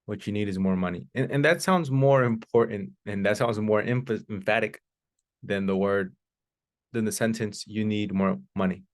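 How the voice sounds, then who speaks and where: A man teaching an English class, explaining slowly and repeating each example, with Spanish translations. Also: on the low side. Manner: slow, deliberate repetition of examples. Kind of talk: classroom lesson.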